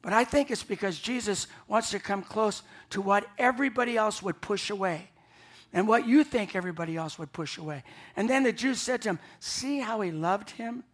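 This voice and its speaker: A man's voice: high voice, a little fast. Pastor, male, Easter sermon; earnest, emphatic delivery with restarts and repeated words. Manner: earnest, emphatic, repeats himself when building a point.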